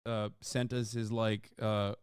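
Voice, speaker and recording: A man streaming a video reaction, joking loudly with profanity as he talks to his chat. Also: fairly low pitch, level tone, slow, clean tone, dry recording, studio quality. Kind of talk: casual livestream reaction talk.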